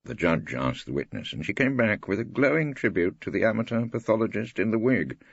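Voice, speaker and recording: An older English man reads a first-person story in a dry, wry and measured way. His low voice is gravelly and husky, with a lively rise and fall. The studio sound is dry and slightly dull. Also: dry recording. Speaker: audiobook reader. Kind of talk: first-person scripted narration.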